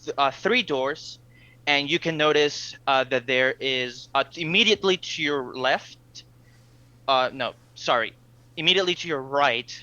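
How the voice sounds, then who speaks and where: A man narrates as game master, talking in halting bursts full of fillers and restarts. His voice is bright and sits close and dry on the mic. The stream audio is a little dull and lo-fi. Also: medium pitch, no echo.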